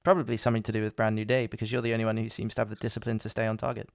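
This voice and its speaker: A fast-talking man co-hosting a casual podcast chat and trading teasing jokes. His voice is gravelly but smooth, and the sound is dry. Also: fairly low pitch, little pitch movement, dry recording. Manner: quick teasing banter. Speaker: podcast co-host.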